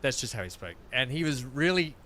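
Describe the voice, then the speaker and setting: A man's voice: mid-range voice, sing-song, fairly quick, fairly bright tone, slight background noise. An Australian man streaming a game, rambling through casual stories and laughing often. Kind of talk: casual chat while gaming.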